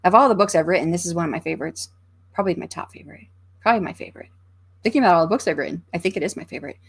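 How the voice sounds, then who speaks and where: Talking very fast in a low, husky voice, an American woman hosts an author livestream from her home. She's chatty and rambling, thinking aloud with many fillers while reading comments aloud.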